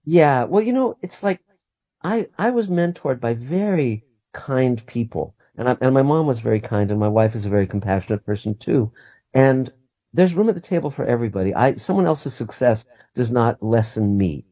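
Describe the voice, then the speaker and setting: Man, radio show guest, earnest, stumbles and repeats words, mellow tone, dry muffled audio. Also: medium pitch, lively intonation, moderate pace, dry recording. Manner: warm, earnest, repeats and restarts words often. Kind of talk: call-in radio interview.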